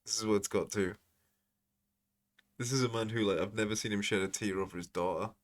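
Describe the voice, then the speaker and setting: A man's voice: fairly low pitch, steady tone, fairly quick. A man rambling through sweary, sardonic commentary. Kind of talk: casual commentary.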